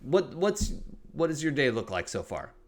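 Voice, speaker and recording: A man's voice: medium pitch, sing-song, normal speed, crowd noise. A man narrating a tabletop game as game master, talking casually with many fillers and restarts.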